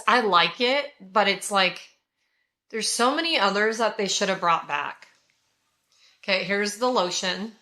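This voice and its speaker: A woman's voice: on the high side, pushed and bright. A woman in her forties from California, gushing to viewers in a casual chat while she reviews scented products. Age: 40s. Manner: gushing, effusive, talks to viewers. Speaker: haul vlogger.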